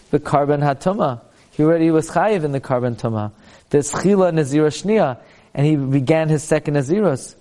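A man's voice: on the high side, mellow. A man teaching a Talmud class. He chants passages aloud and then explains them in plain English.

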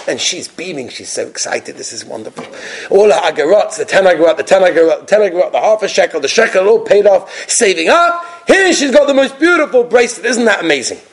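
Husky guy teaching a religious lesson, tells stories, voice swoops up and down. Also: high voice, fast talker. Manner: animated storytelling, acts out characters. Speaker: religious lecturer. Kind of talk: storytelling religious talk.

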